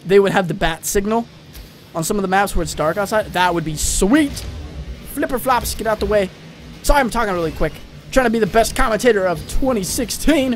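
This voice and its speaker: A young man giving excitable let's-play commentary, rambling fast and yelling at his teammates. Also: high voice. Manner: hyper, rambling, yells at teammates. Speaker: gaming channel host.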